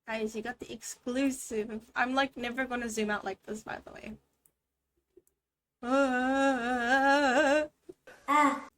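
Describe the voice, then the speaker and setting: A woman's voice: on the high side, fairly even intonation, normal speed, bright, forceful tone. A woman giving a playful, chatty language lesson while streaming a game. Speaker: VTuber language teacher.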